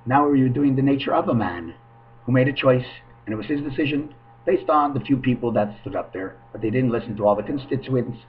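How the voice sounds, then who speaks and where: A man's voice: mid-range voice, animated, brisk, slight background noise. Rambling man on a lo-fi webcam. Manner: free-associating wordplay, sing-song asides. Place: at home. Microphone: webcam microphone. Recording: dull lo-fi webcam audio.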